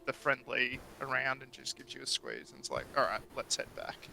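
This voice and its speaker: A man's voice: medium pitch, very animated, moderate pace, gravelly, sharp tone, slight background noise, poor audio. A man playing a tabletop game, rambling casually. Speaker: player.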